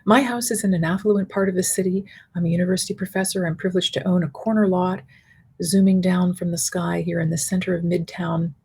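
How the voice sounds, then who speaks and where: A middle-aged woman and university professor giving a conference keynote lecture, articulate and measured, building her points in spoken lists. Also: on the low side, fairly even intonation, gravelly, darkish tone, husky.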